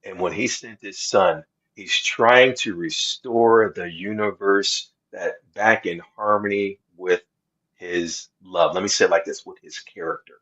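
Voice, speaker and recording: A faith podcast co-host talks casually about the Bible in a slow, earnest preaching tone full of restarts. His voice is low, husky and a bit bright, captured in lo-fi sound.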